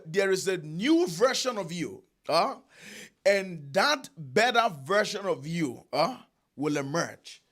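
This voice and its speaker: A man preaching a sermon, emphatic, repeating phrases and drawing out key lines with long pauses. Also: sits high, a bit bright.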